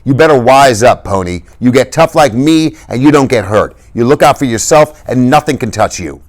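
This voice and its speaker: A man's voice: medium pitch, expressive, normal speed, pitched above the performer's own voice, close to an everyday voice. A man voicing a reckless, tough teenage greaser boy who talks in urgent, commanding street slang. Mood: raving.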